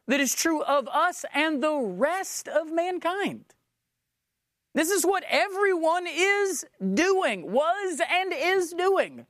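A woman's voice: fairly high pitch, dry recording. Woman preacher, emphatic sermon delivery with rhetorical questions, dry close sound.

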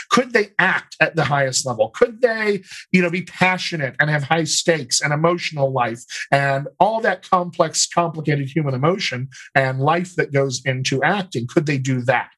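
Explanatory American man, slightly high voice. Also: fairly bright tone, low-quality recording. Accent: General American with slight Colorado features. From United States. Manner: explanatory, methodical, talks in lists. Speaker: dialect coach. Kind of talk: conversational interview.

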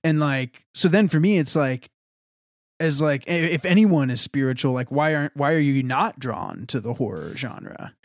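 A young adult man, a pastor, chatting casually on a podcast in an animated, rambling way and laughing often. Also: a little high, moderate pace, dry recording, clean studio sound.

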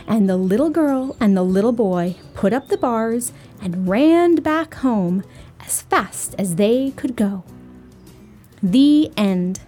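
Storytime host: woman, high lively read-aloud voice for little kids. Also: slow pace, soft background music. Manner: bright, sing-song storyteller voice for small children. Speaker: storytime host reading to children.

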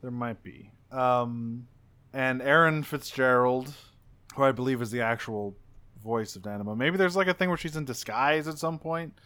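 A man's voice: mid-range voice, normal speed, pushed and bright, clear, resonant tone. A man co-hosting a casual podcast, reading off voice cast credits with dry asides. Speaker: podcast co-host. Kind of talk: casual chat about game voice actors.

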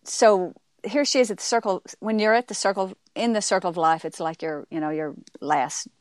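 A woman author and speaker, a guest in an interview, telling stories in a halting way with frequent restarts and fillers. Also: medium pitch, no echo, clean studio sound. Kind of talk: casual interview storytelling.

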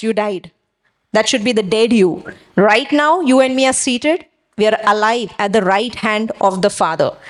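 Woman pastor preaching, kinda high voice, keeps asking the crowd yes?. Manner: exhorting, with call-and-response questions. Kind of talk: sermon.

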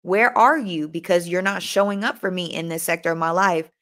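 Young woman doing a morning motivation stream, kinda low voice, fired up, repeats stuff. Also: a little fast. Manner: animated, repeats herself, talks straight to listeners. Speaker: host. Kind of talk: motivational live-stream chat.

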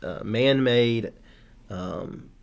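A man's voice: medium pitch, extremely slow, creaky. Rambling man discussing scripture. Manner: rambling, many fillers and restarts. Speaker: podcast co-host. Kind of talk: casual Bible study chat.

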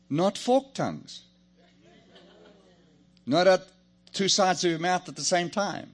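Lively joking preacher man. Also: high voice, slow, long pauses. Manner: lively, joking, calls on the congregation. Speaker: pastor. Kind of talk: sermon.

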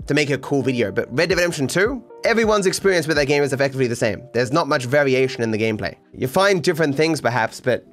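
An Australian man with a mild accent, talking casually to his stream chat while sick, rambling and letting his phrases trail off low. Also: animated, fast, few pauses, soft background music. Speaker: streamer podcast host.

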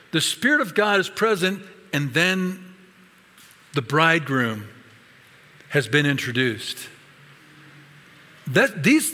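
A man's voice: medium pitch, sharp tone. A man preaching a sermon as pastor, with an emphatic, varied delivery. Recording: long hall reverb.

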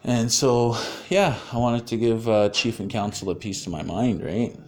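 A man's voice: medium pitch, moderate pace, hardly any pauses, darkish tone. A man telling a personal story casually, with many fillers and frequent swearing.

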